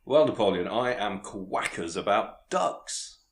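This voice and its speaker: A man's voice: lowish voice, expressive, a little slow. A man, co-hosting a comedy podcast, delivering facts in a dry, matter-of-fact way. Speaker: co-host.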